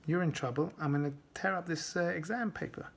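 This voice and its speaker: A man's voice: a little high, fairly quick, vocal fry, pitched above the performer's own voice. A man voicing a strict, stern male schoolteacher who threatens a pupil.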